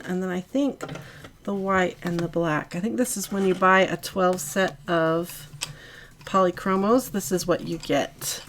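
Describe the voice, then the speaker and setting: A woman hosting a live coloring stream from her art studio, chatty and giggly with drawn-out asides. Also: on the low side, background noise. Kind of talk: casual live-stream chat while coloring.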